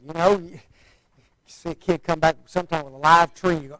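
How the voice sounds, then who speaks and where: A man's voice: a little high, expressive, a little fast, dry recording, poor audio. A man preaching a sermon in a folksy, conversational way, often asking the listeners rhetorical questions.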